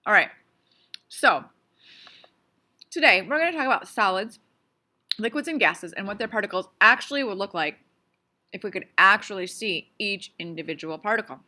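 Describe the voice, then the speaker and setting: A woman's voice: medium pitch, animated, normal speed, pauses often, sharp tone. A woman teaching a casual science lesson on video, playful and chatty, asking lots of questions and sometimes talking with her mouth full. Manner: talks with her mouth full while eating.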